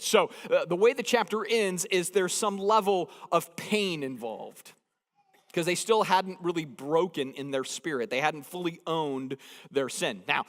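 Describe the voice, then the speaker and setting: A man's voice: on the high side, unhurried, fairly bright tone. A man preaching a sermon as pastor. He talks conversationally and jokes, and he stresses points by repeating phrases. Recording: long hall reverb.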